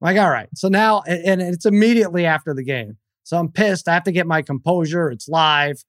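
A man's voice: a little fast, no room sound, clean studio sound. A middle-aged man co-hosting a podcast, telling stories in casual chat and acting out other people in raised voices. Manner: animated storyteller, mimics others in high voices. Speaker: podcast co-host.

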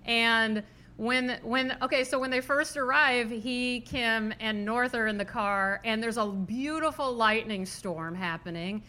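Woman podcast co-host, lively storyteller, bright and slightly high voice. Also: measured pace. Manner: animated, laughs often while telling stories. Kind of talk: casual chat.

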